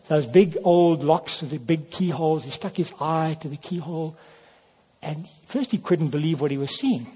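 Preacher telling a story in an echoing hall. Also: male voice, fairly high pitch, husky. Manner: unhurried storyteller, softening into quiet prayer. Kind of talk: sermon storytelling and prayer. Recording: long hall reverb.

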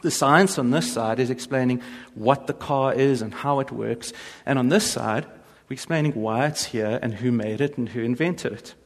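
A man giving a humorous faith talk to an audience, telling stories with jokes and quick impressions. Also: medium pitch. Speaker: speaker. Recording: long reverb of a large hall.

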